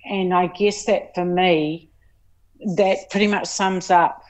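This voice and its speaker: A woman's voice: on the low side, fairly even intonation, a little mellow. Earnest woman speaking from the heart. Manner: earnest, halting, with many fillers and restarts. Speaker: interview guest. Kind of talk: reflective personal conversation.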